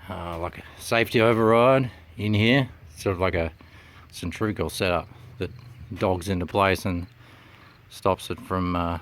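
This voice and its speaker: A man giving a laid-back, halting walkthrough of an old machine, with many pauses and "uh"s, speaking into a handheld camera inside a running dragline cab. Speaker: machinery restorer. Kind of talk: casual walkthrough narration. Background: faint engine rumble.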